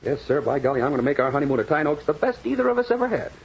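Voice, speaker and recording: An actor playing a breezy, playful young bridegroom with a bouncy, joking delivery, in 1940s radio acting style, on a dull old radio recording. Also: male voice, a little high, sing-song, very fast, breathy edge, full character voice.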